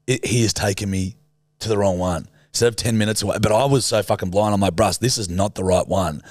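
A young Australian man with a low, fairly deep voice tells a rambling, swear-filled story to his co-host. His voice sounds close and dry, with no room around it. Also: fast, dry recording. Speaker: podcast co-host. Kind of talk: casual storytelling chat.

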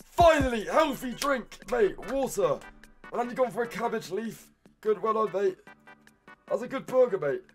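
A British man streaming live, reacting to viewers' meals with excited outbursts and constant "mate". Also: sits high, normal speed, soft background music.

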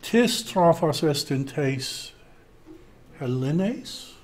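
A man teaching a Greek class, thinking aloud, with many fillers and pauses. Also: on the high side, expressive.

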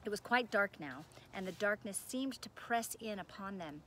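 Gentle woman reading a storybook. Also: mid-range voice, animated, moderate pace, slight background noise. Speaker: narrator. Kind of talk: children's book read aloud.

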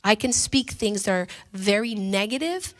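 A woman pastor preaching a sermon from a church pulpit, impassioned and swinging between hushed and loud passages. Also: mid-range voice, lively intonation, moderate pace.

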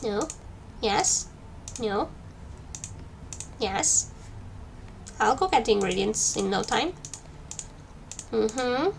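Gravelly-voiced woman chatting while gaming. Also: on the high side, expressive, very slow, long pauses. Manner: chatty, talks to herself while playing. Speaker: gaming streamer. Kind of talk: casual let's-play commentary. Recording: faint background noise.

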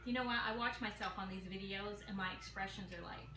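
A woman's voice: medium pitch, fairly even intonation, brisk. Chatty sixty-year-old woman in an echoey kitchen. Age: 60s. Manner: chatty, folksy, talks straight to viewers. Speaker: home cooking vlogger. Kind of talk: casual cooking chat to camera. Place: home kitchen. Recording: echoey kitchen with clear background noise.

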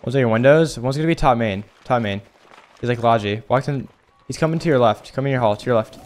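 Excitable young man streaming gameplay. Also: medium pitch, slight background noise. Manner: excitable, swears, rapid shouted callouts. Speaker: gaming streamer. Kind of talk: casual gameplay commentary.

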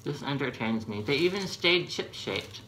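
A man hosting a casual home baking video, making dry, deadpan quips. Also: mid-range voice, normal speed. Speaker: channel host. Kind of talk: casual chat while baking. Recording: noisy home recording.

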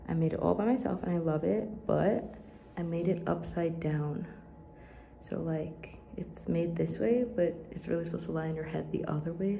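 A young woman talks excitedly straight to her handheld camera, her voice sitting a little low. She rambles in a chatty vlog style, full of ums and you-knows. Clear road and car noise runs underneath. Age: young adult. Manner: chatty and excited, with many fillers. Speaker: vlogger. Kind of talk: casual vlog talk to camera. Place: in a car, then on a college campus.

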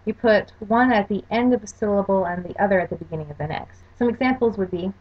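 A woman's voice: mid-range voice, quick pace. Woman teaching a slide lecture, careful explaining, kinda muffled lo-fi audio. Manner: explanatory, careful spelling-out of examples. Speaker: language course lecturer. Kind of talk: recorded lecture over slides. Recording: dull lo-fi recording.

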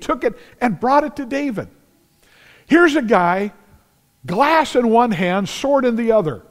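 A man preaching a sermon as pastor, telling Bible stories in an animated way and acting out the scenes. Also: very high voice. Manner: animated storytelling, acts out scenes, shouts at climaxes. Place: large church sanctuary. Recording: long church reverb.

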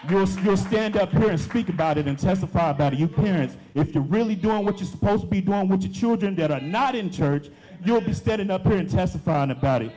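A man's voice: high voice, lively intonation, brisk, mellow, soft background music. A young adult man, a deacon, preaching a sermon with emphatic, repeated phrases.

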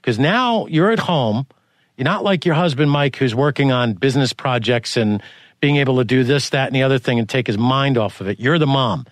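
A man hosts a podcast, talking through long winding questions with lots of restarts. His voice sits at a middling pitch and jumps up when he reaches for a point. The sound is dry and close. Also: brisk, dry recording. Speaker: podcast host. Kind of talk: conversational interview.

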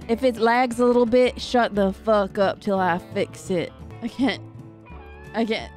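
Giggly young woman gamer, fairly high and bouncy voice, faint music underneath. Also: unhurried. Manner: loud, giggly, jokey country-girl banter. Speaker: streamer playing a fishing game. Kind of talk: excitable gaming commentary.

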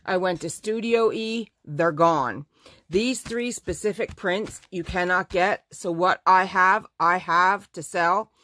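A woman's voice: lowish voice, slow, fairly bright tone. A woman who owns a fabric shop, chatting through a casual live showcase of her fabrics. She gushes over the prints and corrects herself mid-sentence.

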